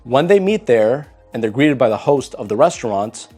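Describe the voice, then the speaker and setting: A man's voice: medium pitch, expressive, moderate pace, a little mellow, husky, faint music behind. Man telling a dating story. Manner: acts out quoted lines in dialogue. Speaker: dating coach. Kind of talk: storytelling monologue.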